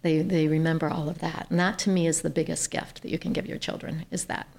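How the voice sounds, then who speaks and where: Woman, from Ohio, gravelly, a bit low-pitched, earnest storyteller, podcast guest. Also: fast talker. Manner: earnest, animated when quoting others. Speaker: guest, nonprofit chief executive. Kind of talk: conversational storytelling.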